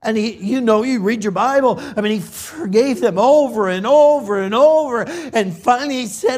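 A man from California preaching a sermon, slow and emotional, swinging from loud emphasis to hushed, near-whispered lines. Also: sits high, expressive.

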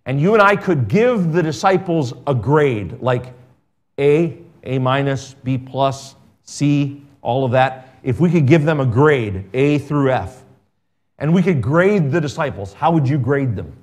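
A man preaching a sermon as pastor, reading scripture aloud and swinging between emphatic and quiet delivery. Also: medium pitch, expressive, a little slow.

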